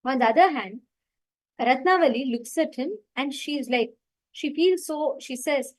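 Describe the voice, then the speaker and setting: High-voiced woman telling a spiritual story. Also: expressive, moderate pace, poor audio. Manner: earnest, many fillers like "like" and "you know".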